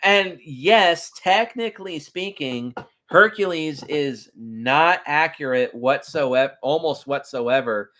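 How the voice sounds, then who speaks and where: A man casually reviewing his favorite animated films, chatty and enthusiastic, with frequent ums. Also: mid-range voice. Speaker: film reviewer. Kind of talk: casual video commentary.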